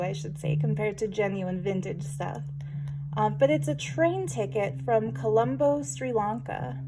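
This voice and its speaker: Crafty woman narrating her journal flip-through, chatty and self-teasing, a touch high, hissy noisy recording. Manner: chatty, with playful self-aware asides. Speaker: junk journal crafter showing her work. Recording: noticeable background noise.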